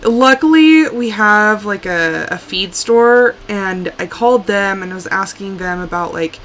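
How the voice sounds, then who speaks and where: A tired woman streaming a game, talking in a loose, rambling way with sighs and soft trailing asides. Her pitch sits in an ordinary middle range. A faint noise hums underneath. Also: animated, unhurried. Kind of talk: casual live-stream chat while playing.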